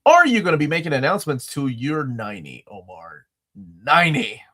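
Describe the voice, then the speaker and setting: A man co-hosting a casual chat livestream, talking in a rambling, jokey, animated way. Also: a little high, fairly quick. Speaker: livestream co-host.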